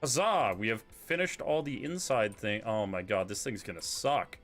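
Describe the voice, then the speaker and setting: Canadian dude streaming, lowish voice, goofy casual chat, faint music behind. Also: male voice, expressive, moderate pace, a bit bright. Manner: playful, mimics accents.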